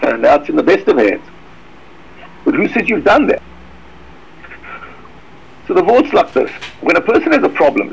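A man giving an emphatic religious lecture, sprinkling in Hebrew and Yiddish terms, with sudden high swoops for emphasis. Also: gravelly, breathy edge, low-quality recording. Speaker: rabbi giving a talk. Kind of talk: Torah lecture.

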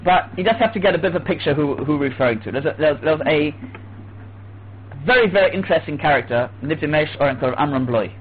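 Man, Torah class lecture, animated, high voice, faint hiss. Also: fast talker. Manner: animated, acts out voices, restarts often. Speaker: Torah teacher. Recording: tinny phone-like line with faint hiss.

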